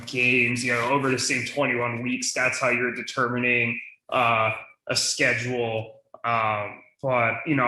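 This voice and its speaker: A young man with a bright, forceful voice talks through league rules in easygoing podcast chat. He leans on "you know" and "um" as he thinks aloud, and the room around him rings with echo. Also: mid-range voice. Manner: many fillers, thinks aloud. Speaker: podcast co-host. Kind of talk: casual fantasy league chat.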